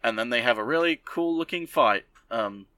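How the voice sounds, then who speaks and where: A man's voice: mid-range voice, lively intonation, moderate pace, sharp tone, no room sound, recorded from a distance. A man hosting a podcast, recapping an anime in a rambling, sarcastic casual way. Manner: rambling, sarcastic, lots of fillers. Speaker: podcast host.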